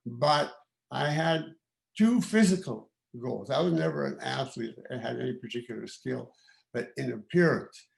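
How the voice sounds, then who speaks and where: A man in his eighties, originally from Canada, giving informal remarks at a celebration in a halting, reflective way, with many pauses and restarts. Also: medium pitch, vocal fry. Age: 80s. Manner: reflective and candid. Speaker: guest of honour giving remarks.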